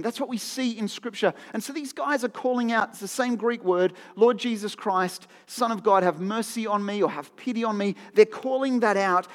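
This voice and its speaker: Male preacher with a high voice, chatty and earnest, repeats lines for emphasis, recorded in a reverberant church hall. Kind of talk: sermon.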